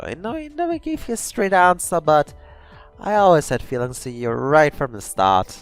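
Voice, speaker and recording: A man voicing a shy, lovelorn drawn young woman in a fan story reading, pitched high and earnest. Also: smooth.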